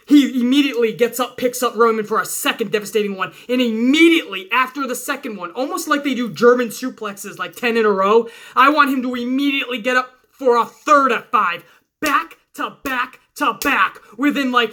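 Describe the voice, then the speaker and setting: Bright-voiced man doing profane play-by-play. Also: very high-pitched. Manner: excited, swearing storyteller narrating moves blow by blow. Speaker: wrestling show host. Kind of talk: profane fantasy-booking play-by-play.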